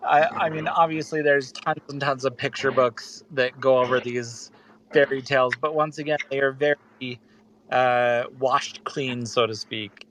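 A man co-hosts a casual podcast discussion in a medium-pitched, steady, slightly bright voice at a measured pace. He rambles and hesitates, restarting often and leaning on plenty of fillers.

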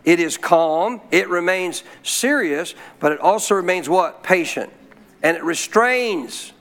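A man preaching a sermon, throwing frequent questions to the congregation and slowing down to stress key phrases. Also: high-pitched, lively intonation, a bit bright. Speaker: pastor.

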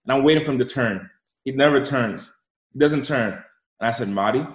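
A man telling an animated story and giving motivational talk as an interview guest, repeating himself for emphasis. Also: mid-range voice, a little fast, roomy sound, rough recording. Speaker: guest, entrepreneur.

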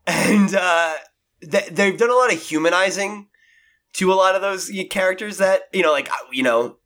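A man hosting a casual podcast chat, relaxed and hesitant, with lots of fillers. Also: high-pitched, moderate pace. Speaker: podcast host.

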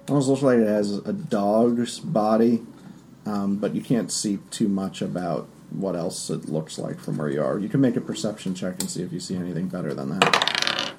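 A man narrating as game master of a tabletop game, describing scenes loosely with fillers and quick asides. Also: on the low side, noisy background.

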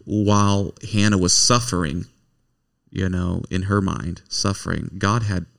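Male host, deep gravelly voice, playful teasing banter. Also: steady tone, unhurried, fairly bright tone. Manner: joking, teasing, rambling. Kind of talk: casual chat.

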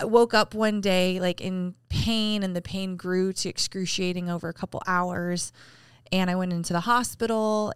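A woman's voice: fairly low pitch, clear, resonant tone, no echo, studio quality. A woman in her thirties co-hosting a faith podcast, telling a painful personal story candidly and with emotion. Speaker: podcast co-host. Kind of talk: casual chat.

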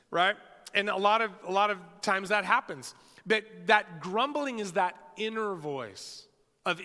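Animated high-voiced preacher in a hall. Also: male voice. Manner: animated preaching with emphatic pauses and rhetorical questions. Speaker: pastor. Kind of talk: sermon. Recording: long hall reverb.

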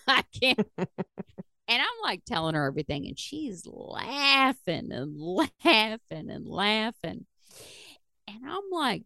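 A woman's voice: medium pitch, big pitch swings, a little slow, gravelly, sharp tone, no echo, studio quality. A middle-aged woman, hosting a podcast and telling stories in casual, profane chat, laughing as she talks. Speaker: podcast host.

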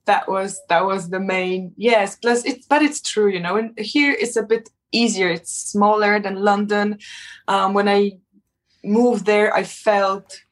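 A woman's voice: mid-range voice, steady tone, measured pace. A young woman, a native Polish speaker, talking in a casual interview with many restarts and fillers. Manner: hesitant, many restarts and fillers, laughs often. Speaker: interview guest, model.

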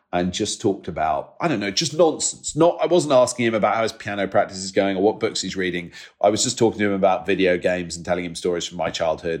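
This is a man in his forties with a lowish voice. He talks candidly and haltingly, breaking off and restarting his sentences. There is an emotional, self-deprecating edge to how he tells his stories. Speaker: guest. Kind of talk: candid conversational storytelling.

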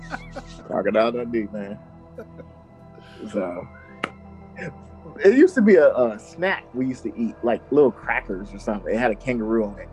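A man's voice: medium pitch, sing-song, moderate pace, long pauses, a little mellow, faint music behind, rough recording. A man hosting a true-crime podcast who tells the story in a casual, jokey way and laughs easily. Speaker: podcast host telling the story. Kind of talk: casual chat.

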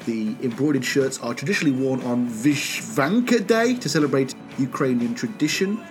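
A man's voice: medium pitch, expressive, moderate pace, soft background music. A man hosting a podcast, chatting casually with a guest and then reading news items in a rambling, friendly way. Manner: chatty, rambling, restarts, laughs often. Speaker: podcast host.

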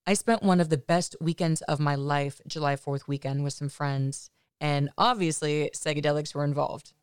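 A woman's voice: low-pitched, steady tone, normal speed, smooth, no echo, clean studio sound. A woman podcast host telling a personal story in a candid, chatty way, often adding "you know" asides.

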